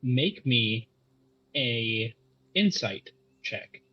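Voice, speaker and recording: Unhurried husky game master narrating a tabletop scene. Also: male voice, mid-range voice, animated, lo-fi sound.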